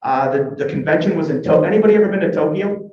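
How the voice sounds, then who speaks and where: A man's voice: on the high side, fast talker. Upbeat male club emcee, jokey and chatty, in a very echoey hall with a dull, lo-fi sound. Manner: chatty, joking, upbeat, asks the crowd questions. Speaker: club member giving history segment. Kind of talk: casual emcee talk at a club meeting.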